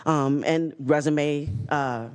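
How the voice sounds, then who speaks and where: Man presenting at a board meeting, somewhat high voice, steady reading of numbers. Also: slow, clean tone. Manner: steady reading of figures, occasional fillers. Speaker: community program presenter. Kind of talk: prepared report at a public meeting. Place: county board chamber.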